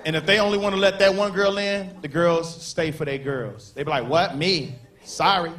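Animated high-voiced male stand-up comic. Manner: animated, acts out characters in quick voices. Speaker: stand-up comedian. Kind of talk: stand-up comedy routine. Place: comedy club stage before a live audience. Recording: live show with crowd laughter and faint noise.

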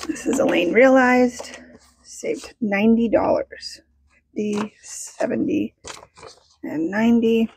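A woman budgeting vlogger chatting casually as she counts cash, bubbly and excitable, talking to herself as she goes. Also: on the high side, takes it slowly, gravelly, long pauses, slight background noise. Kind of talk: casual vlog chat while counting cash.

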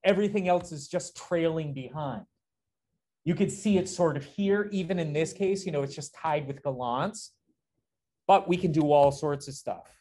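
A man's voice: sits high, darkish tone. Enthusiastic man lecturing through slides. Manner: enthusiastic, keeps prompting listeners with "notice" and "right?"; answers student questions conversationally. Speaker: lecturer on fashion history. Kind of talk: live class lecture walking through slides.

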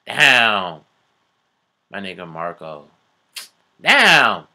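Man reacting live to a comic, lively bright voice, slow drawn-out talk, slangy asides. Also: medium pitch, creaky. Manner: hyped, slangy, swearing, muttering asides. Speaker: video reactor.

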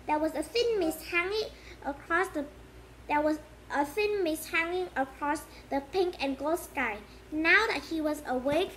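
A woman reads a children's novel aloud as an amateur audiobook. Her voice is high and bright, and she often goes back to restart a phrase. Faint noise sits behind her. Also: rough recording.

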